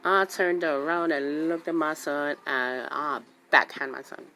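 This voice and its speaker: A woman with a lowish voice tells a story on her talk show, jumping between quoted voices and repeating lines for emphasis. A faint hiss sits under the recording. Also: a little slow. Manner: animated, acts out quotes, repeats herself for emphasis. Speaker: radio show host. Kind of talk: casual storytelling.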